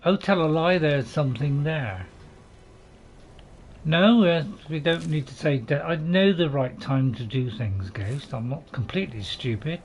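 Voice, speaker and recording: This gaming channel host has a voice on the high side, expressive and unhurried. His gameplay commentary is chatty and pokes fun at himself with dry jokes, though he hesitates a lot, restarting sentences and leaning on fillers.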